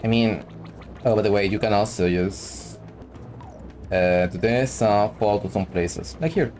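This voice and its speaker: A low-voiced man giving loose let's-play commentary, chatty and joking, with little self-mocking asides to the viewer. Faint game music plays under his voice. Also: measured pace, darkish tone. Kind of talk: casual gameplay commentary.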